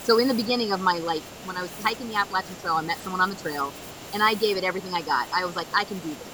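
A woman's voice: on the low side, very fast. A woman guest on a podcast, chatting casually and laughing easily as she tells stories. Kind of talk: casual chat. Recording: noisy recording with clear background noise.

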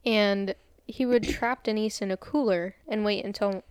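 A young woman with a smooth, resonant voice talks through a crime case in a casual podcast chat. The recording is dry and close, in a room with the window open. She tells it step by step, relaxed and unhurried, with easy fillers. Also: medium pitch, no echo. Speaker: podcast co-host.

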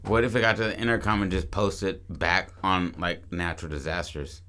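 Lower-pitched man with a bright voice, a profane, animated podcast co-host. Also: normal speed. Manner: profane, animated storytelling with many restarts. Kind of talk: casual chat, pitching a movie plot.

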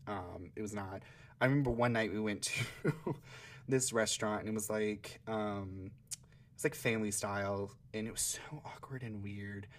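A man's voice: fairly low pitch, normal speed. A young man from Georgia hosting a podcast, telling stories in a chatty, sassy way and laughing often. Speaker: podcast host. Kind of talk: casual solo storytelling.

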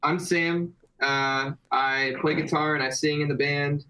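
A man's voice: fairly high pitch, steady tone, unhurried, bright, forceful tone, poor audio. A man guests on a podcast to talk about his band. He speaks in an easygoing, rambling way, hesitating often and searching for words. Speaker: guest, band singer and guitarist. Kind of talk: casual interview chat.

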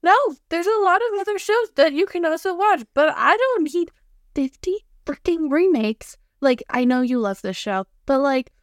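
A young woman co-hosting a podcast in casual chat, animated and quick to act out little quoted lines. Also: very high voice, no echo, studio quality. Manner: chatty, animated, quotes herself in voices. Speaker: podcast co-host.

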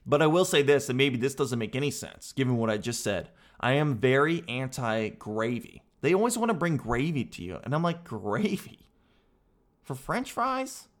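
A man hosting a talk show, delivering a comedic rant that is animated, exasperated and full of casual swearing. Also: mid-range voice, brisk, hardly any pauses. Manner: animated, exasperated, peppered with "dude".

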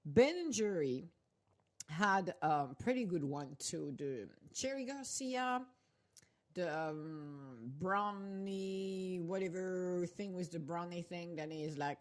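Low-voiced chatty woman. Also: expressive, unhurried, a little mellow. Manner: chatty, rambling, laughs often. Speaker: podcast host. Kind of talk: casual chat while eating.

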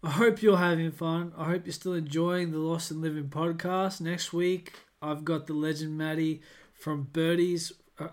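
A young man with an Australian accent talks alone into the mic for his podcast. His voice sits a little high, and his delivery is upbeat and rambling. He often stops to correct himself. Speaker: podcast host. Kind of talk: casual solo podcast chat.

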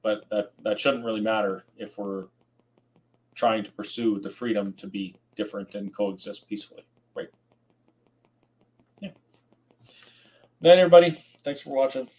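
A man's voice: fairly low pitch, moderate pace, pauses often, a little mellow, low-quality recording. A tired man hosting a rambling late-night livestream, reading out viewer comments and chatting casually. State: tired, yawning. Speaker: host.

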